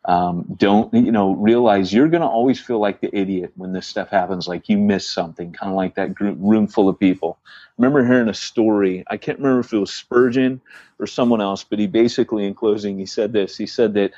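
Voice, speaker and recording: Dry, low-fi man telling a story. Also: a little fast, no echo, lo-fi sound. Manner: animated storyteller, frequent restarts, acts out quoted dialogue. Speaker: church planter podcast co-host. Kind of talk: casual storytelling chat.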